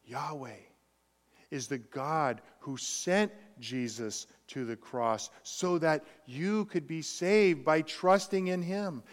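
A man preaching a sermon as pastor, emphatic, swinging between quiet and loud passages. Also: sits high, long reverb tail.

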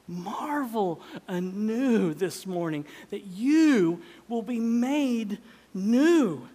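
A middle-aged man delivers a sermon in a high voice. He swings from loud exclamations to hushed, almost whispered lines. The sound carries the long reverb of a large church hall. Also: big pitch swings, very slow, husky. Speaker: pastor. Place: church sanctuary.

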